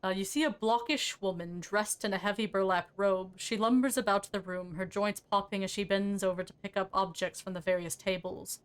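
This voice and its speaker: A woman's voice: medium pitch, steady tone, moderate pace, few pauses, smooth. Woman streamer narrating her game; casual, sweary, self-mocking. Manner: casual, swears, laughs at herself. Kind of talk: reading game text aloud while playing.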